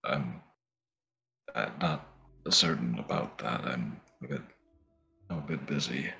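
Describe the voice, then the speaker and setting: A man voicing a polite, nervous young man who speaks softly and hesitantly. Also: extremely low pitch, takes it slowly, creaky, faint music behind, voice pushed down, full character voice. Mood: flustered. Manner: hesitant, soft-spoken.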